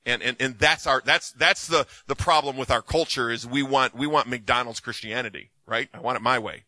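A man's voice: medium pitch, normal speed, no echo, rough recording. A man in his fifties preaching, telling personal stories with lots of repetition and restarts before answering questions. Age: 50s. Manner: animated storytelling with many restarts. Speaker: minister. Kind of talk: sermon with Q&A.

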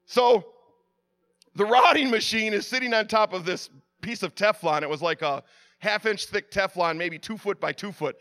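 A man preaching, telling a lively personal story with sound effects and frequent restarts. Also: high voice, normal speed. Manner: drops to a hushed, prayerful tone at the close.

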